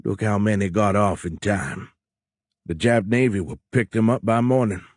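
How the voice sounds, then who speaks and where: A hard-bitten wartime submarine captain who growls his orders and his contempt, as a male narrator puts him on. His voice sits low and gruff, read close and dry for an audiobook. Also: normal speed, no echo, natural voice. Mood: scornful. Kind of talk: audiobook character voice.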